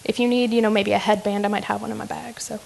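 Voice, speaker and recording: A woman's voice: medium pitch, flat delivery, fast talker, vocal fry, a little mellow. A woman hosting a live comedy roast, teasing speakers with a giggly, filler-heavy delivery. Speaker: roast emcee.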